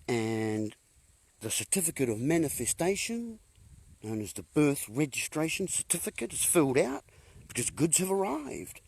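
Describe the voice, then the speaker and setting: A man's voice: on the high side, gravelly, slightly rough. A man giving a rambling monologue to viewers, punning as he goes, chuckling at his own jokes and calling his listeners folks. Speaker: host.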